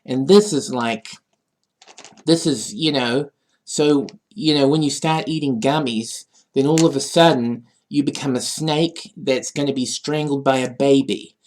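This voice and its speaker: A man's voice: medium pitch, unhurried, darkish tone. A man vlogging a rambling, absurd comic rant, with many fillers. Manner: rambling, absurd, full of "you know". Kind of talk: casual comedic rant.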